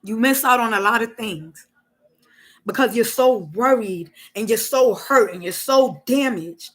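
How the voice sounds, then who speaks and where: A woman's voice: a little high, a little slow, low-quality recording. A woman hosting a casual live stream, talking emotionally and candidly and swearing freely.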